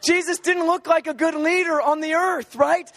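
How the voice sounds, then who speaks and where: High-voiced, animated male preacher. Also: normal speed. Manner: animated, humorous storytelling. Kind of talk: sermon.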